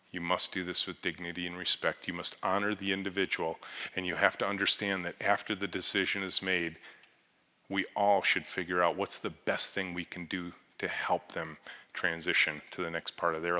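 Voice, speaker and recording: A man addressing a crowd from a hall stage, an earnest storyteller who acts out the people in his stories. His voice sits low but has a very bright, forceful edge. A long reverb tail hangs on every phrase. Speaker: company CEO giving a talk. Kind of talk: conference talk with storytelling.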